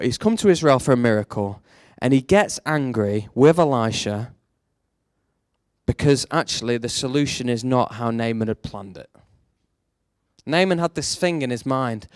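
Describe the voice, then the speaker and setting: A man preaching a sermon with animated storytelling that swings between hushed and emphatic. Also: mid-range voice, no room sound, clean studio sound.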